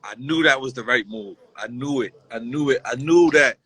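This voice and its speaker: Bright-voiced man telling an emotional story. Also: medium pitch, moderate pace, low-quality recording. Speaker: guest. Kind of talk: casual heartfelt conversation.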